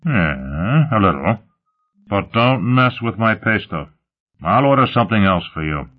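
Over a tinny, phone-like line, a man voices a brash, gloating pleasure-seeker. His voice is low and lively, and he speaks a little slowly.

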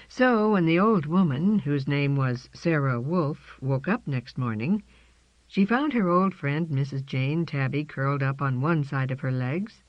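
A woman narrating a children's storybook in a slow, lilting reading voice, on a dry, slightly dull recording. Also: sits low, no echo.

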